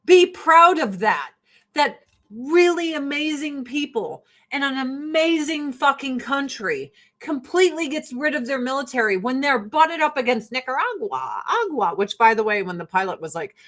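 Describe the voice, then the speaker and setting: A woman's voice: high-pitched, very animated, moderate pace, fairly bright tone. An American woman in her forties talking casually while getting ready, brash and profane, laughing often. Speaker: vlogger. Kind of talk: casual get-ready-with-me chat.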